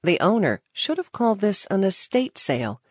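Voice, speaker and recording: A woman narrating a short story in an expressive, dramatic manner. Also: mid-range voice, normal speed, husky, no room sound, clean studio sound.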